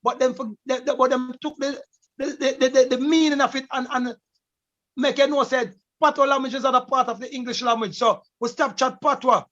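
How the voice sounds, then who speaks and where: Jamaican guy with a really high bright voice, emphatic, keeps repeating words, dull lo-fi audio. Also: steady tone, brisk. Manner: emphatic, repeats words and preaches about language. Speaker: guest, reggae artist. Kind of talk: casual chat in Patois.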